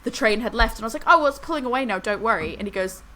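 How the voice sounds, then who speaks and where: A woman's voice: a little high, animated, rapid-fire, bright, forceful tone, rough recording. A woman, co-hosting a podcast and telling a rambling story in casual chat. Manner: rambling storyteller, laughs through anecdotes. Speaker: podcast co-host.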